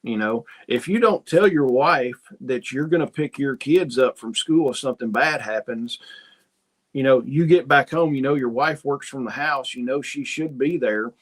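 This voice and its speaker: A man chats loosely to his viewers and wanders from one story to the next. He acts out little dialogues in his own voice, and his pitch sits right in the middle. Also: normal speed. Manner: folksy, rambling storyteller who acts out dialogue. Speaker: host. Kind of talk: casual livestream chat reading viewer comments.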